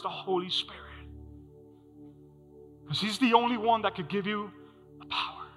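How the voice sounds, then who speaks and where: A man preaches a sermon from the pulpit, quizzing his congregation and repeating his key lines. His voice sits high and bright. A long reverb from the hall trails each phrase, with faint music behind. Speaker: pastor. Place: church hall.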